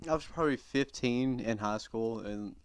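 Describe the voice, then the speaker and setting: Dude on a podcast telling a story, says like every other word, laid back. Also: male voice, medium pitch, normal speed, clean tone, no echo. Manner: rambling, says "like" constantly. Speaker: podcast co-host. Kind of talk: casual crude banter and storytelling.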